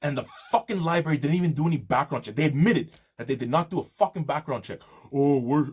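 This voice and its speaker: A man rants angrily into the camera, swearing constantly as his indignation builds. His voice is husky and slightly rough. He talks in a loose, heated monologue full of restarts. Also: medium pitch, expressive, fast, hardly any pauses, a little mellow. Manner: profane, indignant ranting. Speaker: video host. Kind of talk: angry monologue.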